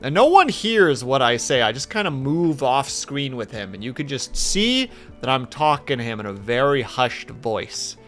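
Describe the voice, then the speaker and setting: A man streaming and telling stories in casual chat, animated and quick to swear. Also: mid-range voice, soft background music.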